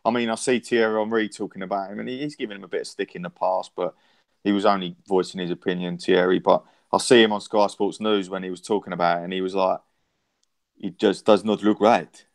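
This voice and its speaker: A man's voice: low voice, flat delivery, fast talker. A man in a casual football chat, talking passionately in long, rambling runs full of restarts and swearing. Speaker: podcast co-host.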